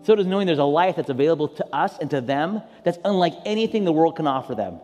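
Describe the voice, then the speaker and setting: High-voiced pastor in an echoing hall. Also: male voice, expressive, fast, faint music behind. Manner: impassioned prayer, rising high and loud at peaks. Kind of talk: sermon closing and prayer.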